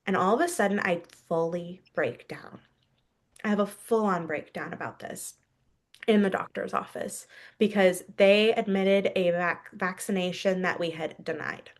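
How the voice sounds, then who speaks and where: A woman's voice: medium pitch, normal speed. A woman in her thirties, a podcast guest, telling a personal story candidly and laughing now and then.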